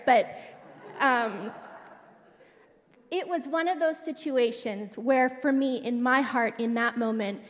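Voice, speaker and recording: A woman telling a personal faith testimony from a church stage, chatty and prone to side stories. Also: sits high. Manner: chatty, digressive, warm storytelling with asides. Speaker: church speaker sharing a testimony. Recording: long reverb of a large hall.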